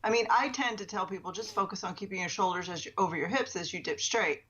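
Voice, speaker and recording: A woman co-hosting a weightlifting podcast, talking in a chatty, animated and candid way. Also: medium pitch, fast talker, a little hiss or hum. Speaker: podcast co-host, weightlifting coach. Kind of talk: casual coaching chat. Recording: dull lo-fi sound.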